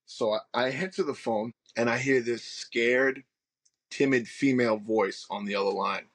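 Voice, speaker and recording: Speaking at a normal speed in a medium-pitched, somewhat bright voice, this Long Island man in his forties shares his life story as a pastor on a podcast. He comes across as earnest, frequently starting his sentences over during this personal testimony interview.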